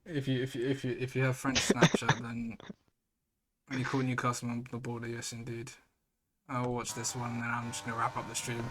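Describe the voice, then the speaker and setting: A man's voice: medium pitch, fairly quick, a crowd in the background, poor audio. Swearing, rambling man hosting a race stream. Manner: relaxed, swears freely, rambling with restarts. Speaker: league race stream host and commentator. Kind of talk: casual live-stream commentary.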